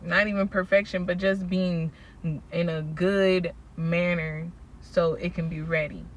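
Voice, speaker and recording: A woman telling a personal faith story in a casual vlog, slangy and animated as she recounts events. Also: lowish voice, measured pace, a little hiss or hum. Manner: animated storytelling, acts out quoted people, slangy. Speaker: faith vlogger.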